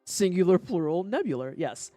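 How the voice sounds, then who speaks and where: A woman's voice: fairly low pitch, sing-song, normal speed, dark tone, dry recording, soft background music. A woman streaming a game, talking casually and ranting with profanity and quoted voices. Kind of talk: casual livestream commentary.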